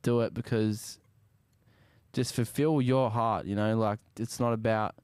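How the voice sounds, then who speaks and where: A young Australian man, a musician guest, talking casually in an interview in a laid-back, soft-spoken way that often trails off. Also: fairly low pitch, steady tone, a little slow, clear, resonant tone, no room sound, studio quality.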